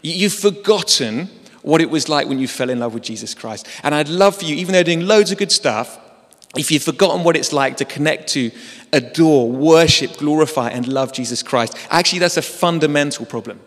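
A man preaches a sermon in a chatty, self-mocking way, with a voice on the higher side for a man. His words carry the long reverb of a large church hall. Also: expressive, brisk. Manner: conversational, self-deprecating humor.

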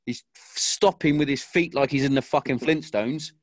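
A man's voice: medium pitch, moderate pace, dry recording, studio quality. A man and army veteran, telling a war story in casual chat with a lot of swearing and acted-out quotes.

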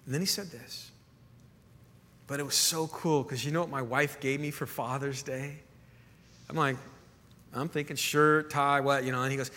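A man preaching with earnest, stumbling repetition, his voice bright and forceful and pitched a touch high. His sermon rings out with a long hall reverb behind it. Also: fairly even intonation, normal speed. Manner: earnest, repeats words when stirred. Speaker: pastor.

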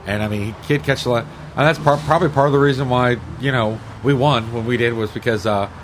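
A man as a podcast guest, talking casually as a fan, halting and restarting often. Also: medium pitch, a little hiss or hum. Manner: hesitant, many fillers and restarts, fan talk. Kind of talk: casual sports chat.

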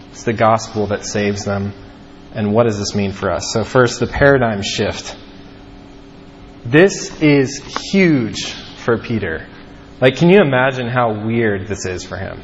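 Casual young man teaching the Bible. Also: fairly low pitch. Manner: casual, peppered with "like" and "um". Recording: dull lo-fi audio with long reverb and faint ambient noise.

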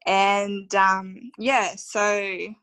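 A woman's voice: mid-range voice, little pitch movement, very slow, fairly bright tone, no room sound, low-quality recording. A woman in her thirties with an Australian accent, telling her personal story as a podcast guest in a heartfelt, emotional way with many fillers. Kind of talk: conversational storytelling interview.

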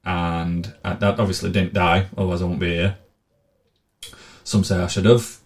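A man's voice: low voice, little pitch movement, normal speed. A man telling blunt, sweary, sardonic travel stories in a casual monologue. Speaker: vlogger.

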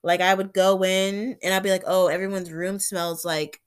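A woman's voice: medium pitch, flat delivery, normal speed, clean tone. Chatty young woman telling a story. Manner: chatty, heavy use of "like", acts out her own reactions. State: sick with covid and an ear infection. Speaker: vlogger. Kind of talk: casual storytelling.

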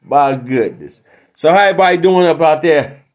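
Male podcast host, rambling and preachy, heavy swearing, slightly raised pitch. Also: animated, normal speed. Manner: preachy, rambling, heavily profane. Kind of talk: profane comic monologue.

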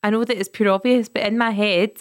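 A young adult woman with a Scottish accent, co-hosting a podcast in casual chat, animated and acting out quotes as she tells stories. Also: mid-range voice, fast. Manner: animated storytelling, acts out quotes. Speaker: podcast co-host.

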